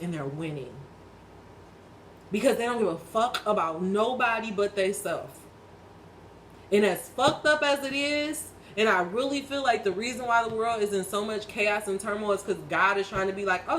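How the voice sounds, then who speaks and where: A woman's voice: mid-range voice, slight background noise, poor audio. A woman in her thirties reading tarot and giving viewers an emphatic, preachy spiritual pep talk, swearing freely and speaking bluntly to the listener. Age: 30s. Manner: preachy, talks straight to the listener. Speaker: tarot reader.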